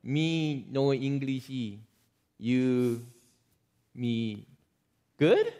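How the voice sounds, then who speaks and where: Man putting on a grandmother in her seventies, petite, halting, broken simple phrases. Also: mid-range voice, mellow, in a large hall. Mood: earnest. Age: 70s. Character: petite elderly grandmother speaking broken English.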